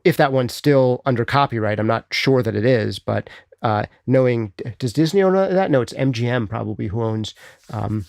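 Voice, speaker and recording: A man's voice: mid-range voice, no echo. Chatty man on a dry close mic. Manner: chatty, animated, thinks aloud with fillers. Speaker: host answering chat questions. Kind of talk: casual livestream chat.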